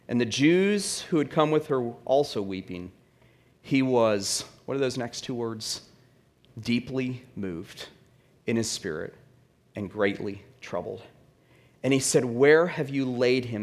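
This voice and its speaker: A man preaching a sermon, animated, acting out voices from the Bible and dropping to a near whisper for emphasis. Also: mid-range voice. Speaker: pastor.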